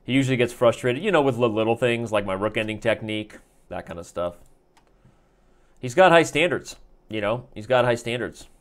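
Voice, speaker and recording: A man's voice: medium pitch, expressive, fairly quick. A man hosting a live chess stream, commentating his games with playful, joking banter.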